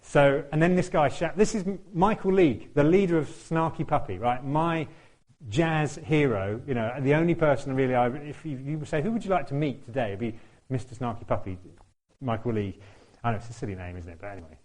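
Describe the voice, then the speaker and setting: A man's voice: medium pitch, expressive, a little fast, a little mellow. Chatty man telling a story. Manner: chatty, self-deprecating, laughs often, acts out quotes. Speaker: church speaker. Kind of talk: anecdotal sermon storytelling.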